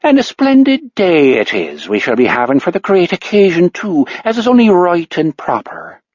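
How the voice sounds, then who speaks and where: A woman's voice: on the low side, very animated, normal speed, darkish tone, no room sound, highs cut off, voice pushed up. A man reading an audiobook voices a sly young woman secretary putting on a fake Irish brogue. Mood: mock-Irish teasing.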